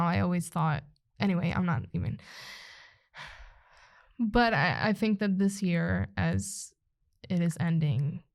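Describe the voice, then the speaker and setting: Halting, emotional young woman podcaster. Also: lowish voice, darkish tone. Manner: emotional, halting, trying not to cry. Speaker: podcast co-host. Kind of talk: casual heartfelt chat. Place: indoor podcast recording.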